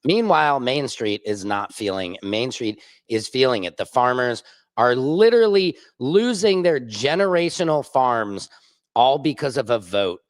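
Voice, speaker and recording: A man's voice: mid-range voice, lively intonation, a little slow, dry recording. A man hosting a comedic news livestream, joking and riffing, sometimes slipping into mock voices. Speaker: comedic news show host. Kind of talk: casual comedic commentary livestream.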